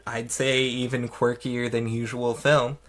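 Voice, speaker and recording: A man's voice: mid-range voice, level tone, measured pace, fairly bright tone. A man hosting a podcast, summarizing film plots in a plain, casual way with dry asides. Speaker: podcast host.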